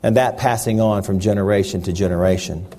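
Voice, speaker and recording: A man preaching a sermon in an earnest, halting way, often restarting his phrases. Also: fairly low pitch, fairly even intonation, dark tone.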